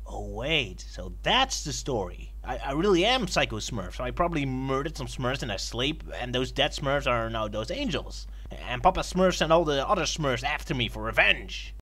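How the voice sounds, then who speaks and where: A man's voice: mid-range voice, very animated, normal speed, music in the background. Sarcastic man reviewing an old game. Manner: sarcastic, mock-enthusiastic, yelps at the game. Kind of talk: comedic game review commentary.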